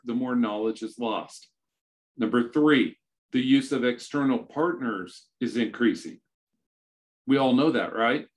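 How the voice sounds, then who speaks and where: Man hosting a solo business podcast. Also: mid-range voice. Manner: conversational, dry sarcasm, repeats and restarts phrases. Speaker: podcast host.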